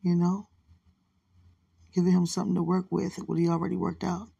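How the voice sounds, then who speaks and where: Husky, hushed woman in bed. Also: on the low side, flat delivery, a little fast, no room sound. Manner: soft, hushed, rambling and affectionate, often religious. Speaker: partner leaving a voice message. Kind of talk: intimate late-night voice message. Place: lying in bed at night. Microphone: phone held close to the mouth.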